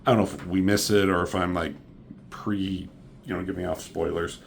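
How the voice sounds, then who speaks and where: A man casually reviewing a comic book, sarcastic and profane, mocking the characters with quick impressions. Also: deep voice, fairly even intonation, vocal fry, a little hiss or hum.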